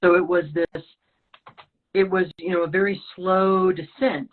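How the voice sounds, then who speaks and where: A woman's voice: on the low side, unhurried. A woman guest telling a personal story in conversation, acting out the dialogue as she goes. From Rocky Mountain region of the US. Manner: animated storyteller, acts out quoted dialogue. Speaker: podcast guest. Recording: lo-fi phone-like line.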